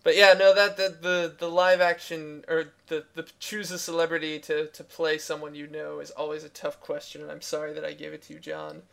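A male podcast host with a raspy edge of vocal fry. His voice sits a touch high. He jokes wryly in casual banter and leads the segments. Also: little pitch movement, fairly quick, hardly any pauses, fairly bright tone. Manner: joking, wry, leads segments.

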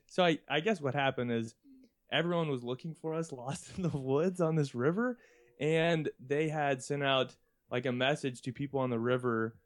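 A man's voice: mid-range voice, normal speed. A young man casually telling a rambling childhood anecdote on a podcast, often laughing as he talks. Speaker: podcast co-host.

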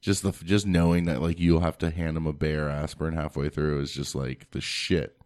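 A man with a low, deep voice co-hosting a podcast. He talks in loose, casual banter and swears freely. He teases his friends with a crude, deadpan edge. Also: moderate pace. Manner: crude, teasing, heavy swearing. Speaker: podcast co-host. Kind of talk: casual chat.

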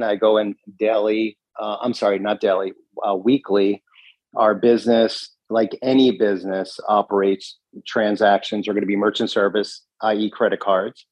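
Interviewed about what happened, a gun shop owner earnestly tells his story, often restarting and quoting dialogue. His voice is lowish, and the recording quality is low.

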